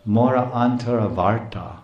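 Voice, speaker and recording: A man giving a devotional storytelling lecture, animated, chuckling often and explaining terms as he goes. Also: medium pitch, a little slow, roomy sound, muffled recording. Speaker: preacher.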